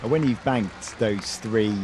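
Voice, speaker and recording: Low-voiced male sports commentator. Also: takes it slowly, crowd noise, noisy background. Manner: calls scores and names with a lift in voice. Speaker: play-by-play commentator.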